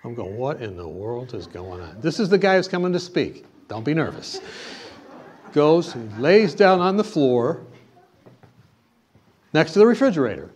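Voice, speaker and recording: A male preacher with a somewhat high-pitched voice delivers a sermon. He tells a story with lively animation. He then shifts into emphatic exhortation. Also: normal speed, pauses often. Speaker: pastor.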